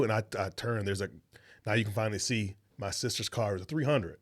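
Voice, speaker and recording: A man's voice: on the low side, fairly quick. A young adult man, a podcast co-host, telling a story in casual chat, swearing freely and acting out the voices of people he quotes.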